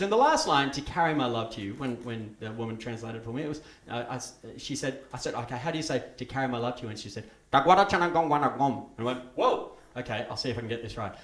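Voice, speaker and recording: A man performing a playful comedy show, chatting with and leading a live audience. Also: mid-range voice. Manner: chatty, playful, lively and laughing. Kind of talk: live comic stage show with audience participation. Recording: echoey live stage recording with background noise.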